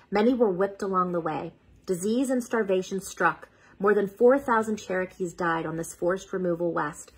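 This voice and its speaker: A woman's voice: medium pitch, a bit bright, breathy edge, rough recording. A woman hosting a children's read-aloud, reading a picture book steadily and stopping now and then to sound out unfamiliar words.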